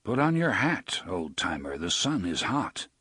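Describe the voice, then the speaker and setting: A man doing a terse, low-voiced gunslinger. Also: sing-song, unhurried, pushed and bright, slightly rough, dry recording, studio quality, exaggerated voice. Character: quiet, stern grown man gunslinger.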